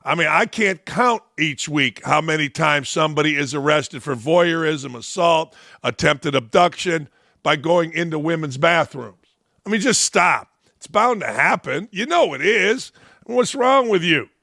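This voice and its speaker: A middle-aged man with a fairly high voice delivers a blunt, mocking sports rant. His voice sounds close and dry, with no room around it. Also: lively intonation, a little slow, gravelly, pushed and bright, dry recording. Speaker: sports talk show host. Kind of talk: opinion rant.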